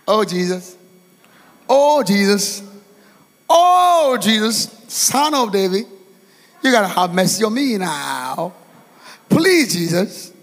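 Preacher voicing a desperate blind beggar. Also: male voice, high-pitched, big pitch swings, takes it slowly, long pauses, full character voice. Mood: pleading. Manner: pleading, wailing cries. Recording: echoey church hall.

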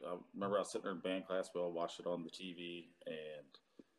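A man's voice: sits low, steady tone, quick pace. A man in his thirties, a Marine veteran, telling his story in a casual interview with many fillers and some cursing.

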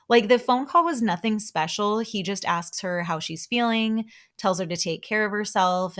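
A woman's voice: on the low side, fairly bright tone. A woman hosting a podcast, casually recapping a reality show with frequent laughs and asides to her listeners.

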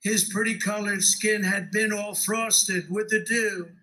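A man's voice: high voice, steady tone, unhurried, bright, forceful tone, rough recording. A man giving a speech, reciting a poem emphatically and repeating his phrases. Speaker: political speaker.

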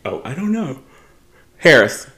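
A man co-hosting a podcast in casual chat, recapping reality TV with dry quips and quick agreement. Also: fairly high pitch, very animated, sharp tone. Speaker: podcast co-host.

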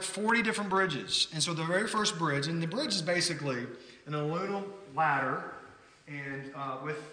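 Male preacher, fairly high, forceful voice, conversational storytelling sermon, echoey church hall. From United States. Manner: conversational, animated, frequent restarts. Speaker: pastor. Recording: roomy hall with long reverb.

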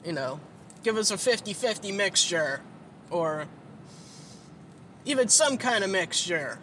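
His high voice sounds pushed, bright and animated, moving at a measured pace as he drives. Though tired and sleepy, he keeps rambling in a casual monologue full of swearing and fillers, set against road and engine noise in the car.

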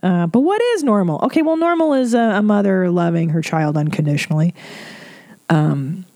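A woman's voice: on the low side, animated, normal speed, mellow, no echo. A middle-aged woman hosting a podcast, giving candid advice on listener letters in a frank, emotional, freely swearing way.

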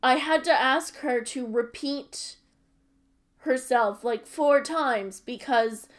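A woman interviewer speaks casually with a somewhat high voice at a very slow, unhurried pace. She hesitates often and fills pauses as she asks her questions.

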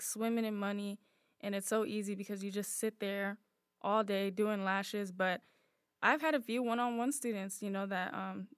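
Smooth-voiced young woman co-host. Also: medium pitch, no echo, clean studio sound. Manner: easygoing, thoughtful, many "um" and "like" fillers. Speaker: podcast co-host. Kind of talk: casual chat.

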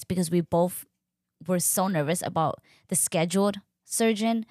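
A young woman casually telling her own story, chatty and animated, acting out what others said. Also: normal speed, dry recording, clean studio sound. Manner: chatty, animated, acts out quoted voices with pitch jumps. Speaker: podcast host sharing her birth story.

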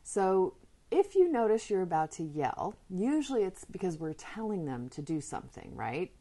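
A woman with a notably low voice talks casually to listeners about parenting. Her delivery is earnest and conversational, and she drops into personal anecdotes as she goes. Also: big pitch swings, moderate pace, dark tone. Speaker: parenting podcast host. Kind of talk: casual advice talk.

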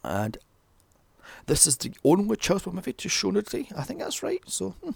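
Sarcastic British man with a gravelly voice. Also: high voice, huge pitch swings, normal speed, dry recording. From Britain. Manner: sarcastic, profane, wandering asides. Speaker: film reviewer. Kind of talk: sweary comedic movie recap.

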